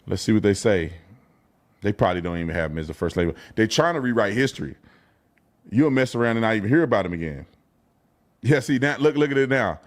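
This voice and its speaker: A man's voice: lowish voice, expressive, fast talker, pauses often. A man talking casually on a stream, rambling and apologizing as he thinks aloud. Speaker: online commentator. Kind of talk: casual livestream talk.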